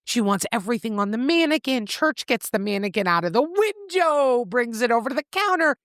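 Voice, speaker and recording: A woman co-hosting a casual podcast, recapping a novel with lively storytelling and freely swearing. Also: a little high, fairly quick, dry recording, studio quality. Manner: animated storytelling, acts out characters' lines in shifting voices, swears freely. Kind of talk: casual book recap chat.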